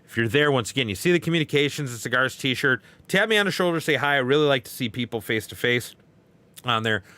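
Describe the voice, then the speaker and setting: A man's voice: mid-range voice, expressive, fast, sharp tone, no room sound. A man hosting a podcast in casual talk, folksy and emphatic, coming back to the same pet phrases. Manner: folksy, emphatic, repeats catchphrases. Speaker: podcast host.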